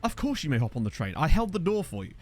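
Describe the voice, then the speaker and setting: A man's voice: fairly high pitch, quick pace. A young man live-streaming a game, chatting casually, joking and reading out chat messages. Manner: lively, jokey, chatty, reads chat aloud. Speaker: streamer and host.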